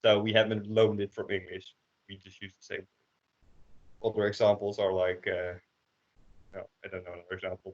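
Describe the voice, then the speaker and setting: A Dutch man teaching a language class online, explaining slowly with many hesitations. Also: on the low side. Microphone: computer microphone on a video call. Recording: dull lo-fi call audio.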